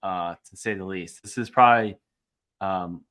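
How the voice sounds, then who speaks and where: A man co-hosting a podcast, telling a travel story in casual chat, excitable and swearing freely, his voice jumping up when riled. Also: low voice, moderate pace. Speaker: podcast co-host.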